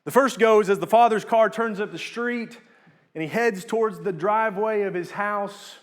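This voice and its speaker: A young man preaching a sermon in an earnest manner, rising to emphatic peaks and dropping low on key words. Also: normal speed.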